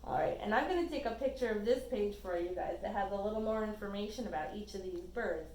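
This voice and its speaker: A woman librarian reading a storybook aloud to children, with expressive delivery and chatty asides to her young listeners. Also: medium pitch, quick pace, echoey room, a little hiss or hum, low-quality recording.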